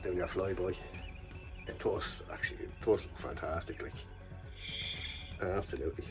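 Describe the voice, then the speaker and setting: A man's voice: low-pitched, fairly even intonation, normal speed, over music. A man vlogging a toy review in a casual, enthusiastic, rambling chat full of fillers.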